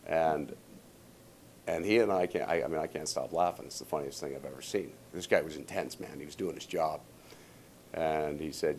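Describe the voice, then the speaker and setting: Very deep-voiced man telling stories. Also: lively intonation, fairly quick, gravelly, darkish tone, slight background noise. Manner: self-deprecating, rambling with restarts. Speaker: hockey coach. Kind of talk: casual storytelling.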